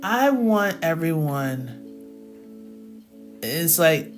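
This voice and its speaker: A woman's voice: extremely slow, faint music behind. A woman who hosts a math channel, giving a casual motivational rant to her viewers, laughing often and answering live chat. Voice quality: lively, swinging pitch. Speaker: math teacher and channel host.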